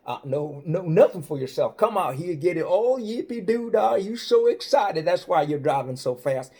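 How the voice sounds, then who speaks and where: A man voicing a brash, condescending state trooper, loud and drawn out. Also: high voice, husky, pitched above the performer's own voice, exaggerated voice.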